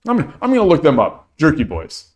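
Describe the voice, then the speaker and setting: A man's voice: on the high side, huge pitch swings, fairly quick, darkish tone. A middle-aged man from the Midwest, rambling through casual chat with viewers on his livestream and often restarting and repeating phrases. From American Midwest. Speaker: livestream host.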